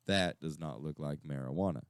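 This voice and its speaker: A man's voice: very deep voice, brisk, dry recording, clean studio sound. A man co-hosting a casual radio chat, rambling and swearing, full of fillers and restarts. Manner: rambling, profane storytelling with many fillers. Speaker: radio show co-host.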